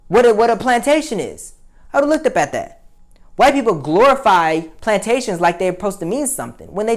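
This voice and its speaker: A young adult woman, hosting a casual opinion commentary, blunt and heated, often profane, with many fillers. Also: medium pitch. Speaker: commentary show host.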